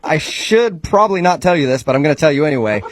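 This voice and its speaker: Radio host guy questioning a caller, talks quick and animated. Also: fairly high pitch, dry recording. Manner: probing, amused, quick questions. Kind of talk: radio show phone segment.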